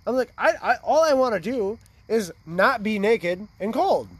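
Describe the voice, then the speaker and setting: A man's voice: high-pitched, animated, measured pace, no room sound. A man in his twenties telling a rambling, profane story in casual chat by a fire. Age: 20s. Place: outdoors by a fire.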